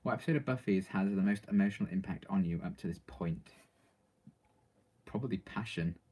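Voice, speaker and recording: A man's voice: low-pitched, brisk, mellow, slightly rough. A man reading out viewer questions and answering them in casual, rambling live-stream chat, full of ums and likes.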